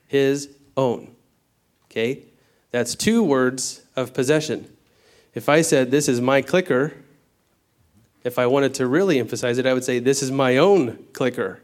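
A man of middle pitch delivers a Bible teaching sermon in a casual, conversational way. He checks in with his listeners often and slows down to spell out word meanings before hurrying through his asides. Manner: conversational, peppered with "okay?" checks. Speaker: preacher.

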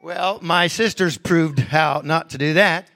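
Male preacher mid-sermon; a dry, close voice, unhurried and emphatic, hushed one moment and raised the next. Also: fairly high pitch, vocal fry, no echo.

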